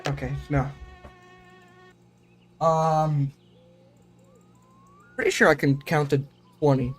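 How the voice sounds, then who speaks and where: A man's voice: medium pitch, darkish tone. Rambling American man streaming a game. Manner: rambling, self-questioning, trying out German words. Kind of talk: casual live-stream chat.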